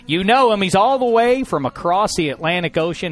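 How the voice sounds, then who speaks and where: A man hosting a casual sports talk show from a studio, joking and mocking himself, his voice rising and falling in loudness. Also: sits high, lively intonation, fairly quick, music in the background. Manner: jokey, self-mocking, swings between loud and quiet. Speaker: podcast host.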